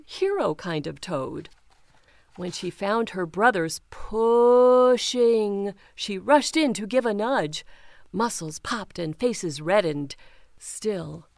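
A woman reading children's picture books aloud, slow and expressive, giving the characters their own voices. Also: medium pitch, no echo, clean studio sound. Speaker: children's storytime reader.

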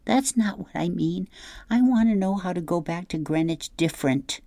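A woman's voice: fairly low pitch, animated, normal speed, mellow, no room sound, pitched above the performer's own voice. A woman voicing a dramatic young girl runaway who is fussy about grammar, speaking in an earnest, whiny way. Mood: insistent.

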